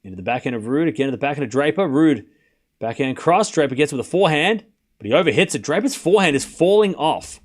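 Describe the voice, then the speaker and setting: A man's voice: fairly high pitch, fast. A man hosting a live tennis watchalong stream, calling each point and cracking jokes in asides. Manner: excitable, joking asides between points. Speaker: watchalong host and commentator. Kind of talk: live play-by-play stream commentary.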